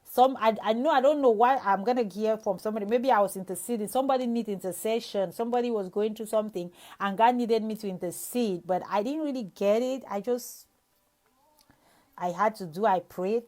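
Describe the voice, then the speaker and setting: A woman's voice: medium pitch, brisk, warm tone. A young adult woman evangelist giving a devotional sermon, reading scripture and sharing an earnest personal testimony with many restarts.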